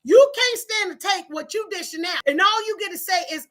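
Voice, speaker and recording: Emphatic high-voiced woman giving advice. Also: lively intonation, fairly quick, few pauses, a bit bright. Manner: emphatic and preachy, with repeated phrases. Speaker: host of a relationship talk channel. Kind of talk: live-stream advice talk reading viewer comments.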